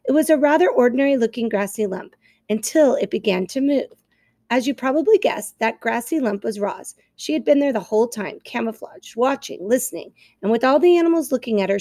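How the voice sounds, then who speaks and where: A woman teacher reading a children's novel aloud to her class, expressive and clear, stopping to explain. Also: fairly high pitch, no room sound, studio quality.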